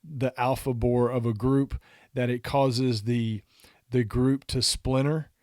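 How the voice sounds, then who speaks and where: An easygoing man from Texas co-hosting a casual podcast, laughing here and there as he talks. His voice sits in a middle pitch, recorded dry and close. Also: little pitch movement, slow pace, darkish tone, no echo. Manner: easygoing, laughs while talking. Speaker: podcast co-host. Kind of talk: casual chat.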